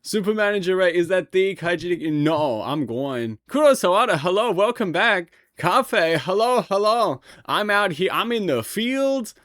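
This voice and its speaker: A man's voice: sits high, very animated, measured pace, few pauses, a bit bright, no echo, studio quality. A man chatting casually on a livestream, playful and rambling, joking with his chat. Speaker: streamer.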